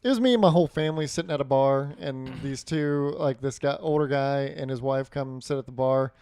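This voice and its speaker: A man co-hosting a gaming podcast, talking in a relaxed, easygoing way. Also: medium pitch, a little fast. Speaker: podcast co-host. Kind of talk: casual gaming podcast chat.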